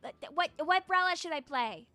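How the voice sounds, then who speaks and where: Bubbly high-voiced woman streamer. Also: expressive, moderate pace, sharp tone. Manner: playful and bubbly, chatting with viewers and making silly sound effects. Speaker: game streamer. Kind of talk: casual live-stream chat while gaming.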